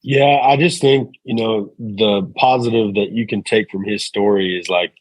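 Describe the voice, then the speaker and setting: A man, a guest on a podcast, explaining hunting strategy in relaxed casual chat. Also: lowish voice, moderate pace, dry recording, poor audio.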